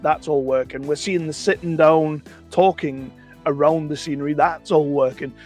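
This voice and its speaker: High-voiced chatty film reviewer. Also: male voice, fairly even intonation, moderate pace, a little mellow, faint music behind. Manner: chatty, opinionated, rambling with self-corrections. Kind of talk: casual spoken film review.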